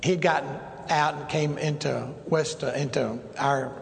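A man's voice: fairly high pitch, fairly even intonation, a little slow, gravelly. A middle-aged male pastor telling rambling stories in a sermon, full of restarts and asides. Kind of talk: sermon storytelling. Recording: echoey hall with long reverb, faint noise.

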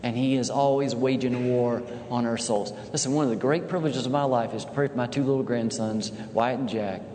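A man in his fifties preaching a sermon as a pastor, a folksy, animated storyteller. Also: medium pitch, fairly quick, a little hiss or hum. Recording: echoey hall with faint ambience.

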